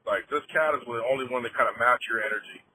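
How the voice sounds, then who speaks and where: A man's voice: medium pitch, fast, pushed and bright, a little hiss or hum, poor audio. A man calling in to a show, talking casually in a friendly, slangy way over the phone. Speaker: caller. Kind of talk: casual call-in chat. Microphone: phone call.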